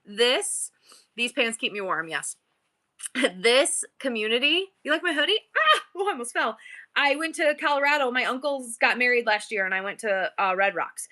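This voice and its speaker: With a mid-range, sharp-toned voice, a middle-aged woman runs an online live-selling stream. Her casual chat is bubbly and playful, delivered in an overdone customer-service voice as she drifts between topics.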